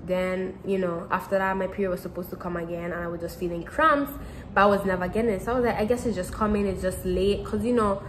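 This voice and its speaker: A woman's voice: medium pitch, a little hiss or hum, poor audio. A teenage girl telling a personal story to camera in casual chat, rambling and repeating herself with lots of fillers. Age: teens. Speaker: vlogger.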